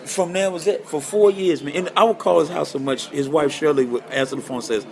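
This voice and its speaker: Speaking at a fairly high pitch with a brisk, creaky delivery, this man appears as a guest guitarist in a podcast interview. He's a lively storyteller who performs the voices of everyone he quotes.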